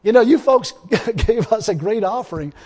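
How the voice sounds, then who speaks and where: A man's voice: sits high, expressive, moderate pace, darkish tone, long reverb tail. A middle-aged man preaching a sermon in an emphatic, repetitive way, often breaking into laughter and exclamations of praise.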